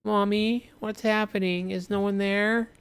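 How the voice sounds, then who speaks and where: A man doing a scared little boy, high and small. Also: level tone, unhurried, a bit bright, clear, resonant tone. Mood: plaintive. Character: hungry scared four-year-old boy.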